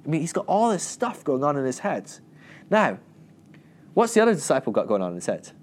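A man's voice: on the high side, brisk. A man giving a casual, humorous Bible teaching, joking and acting out quoted lines. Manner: jokey, animated, acts out quotes in raised voices. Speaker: Christian teacher.

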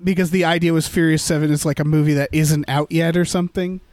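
A man's voice: on the high side, fairly even intonation, fast, darkish tone, no echo. A man co-hosting a casual movie-review chat, rambling with fillers and restarts. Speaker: podcast co-host.

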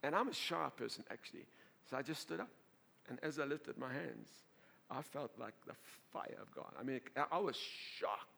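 A male pastor preaching a sermon to a congregation, telling a story in an animated way, laughing and often repeating and restarting his words. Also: mid-range voice, normal speed, gravelly, slight background noise.

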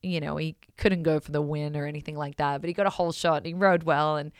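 A woman telling a personal story in a casual, chatty monologue, expressive and full of fillers like "you know". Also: deep voice, quick pace, dry recording, studio quality.

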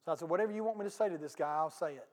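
A pastor with a notably high voice tells a story from the pulpit, folksy and animated, talking straight to his congregation. His voice rings out with a long reverb from a big church hall. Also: rapid-fire. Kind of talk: storytelling sermon. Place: church sanctuary.

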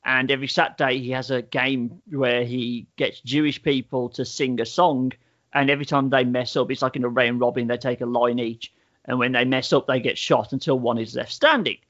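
A man chats loosely through a show's plot, stacking up "like" fillers and the odd swear word. His voice sits at an ordinary middle pitch, and the recording sounds a little dull and muffled. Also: steady tone, a little fast, fairly bright tone. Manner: rambling storyteller, many "like" fillers, swears freely. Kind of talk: casual chat, reviewing a TV show.

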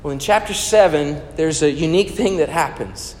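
A male pastor preaching a sermon, animated, rising to loud emphasis and dropping to hushed storytelling. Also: on the high side, moderate pace, in a large hall, slight background noise.

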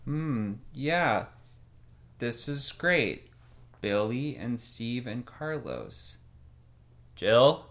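Improv: a woman as a pompous bumbling dad, low, drawn-out, swinging pitch. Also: very animated, heavily acted. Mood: suspicious. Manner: gruff, pompous about manliness. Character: blustering bumbling middle-aged dad. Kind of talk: improv comedy scene.

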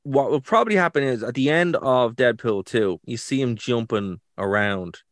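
A man's voice: mid-range voice, normal speed, dry recording, clean studio sound. Joking man in casual podcast chat. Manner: joking, self-mocking, speculative. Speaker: podcast co-host.

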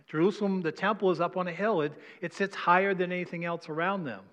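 Conversational pastor, slightly high voice. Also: male voice, steady tone, fast, a bit bright. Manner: conversational preaching, asks congregation questions. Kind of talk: sermon. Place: church sanctuary. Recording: long hall reverb.

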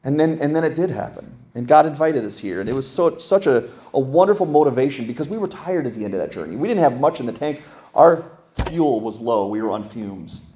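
A middle-aged male pastor preaching a sermon, telling stories with sudden jumps up in pitch for emphasis. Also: brisk. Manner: animated storytelling, voice jumping up for emphasis.

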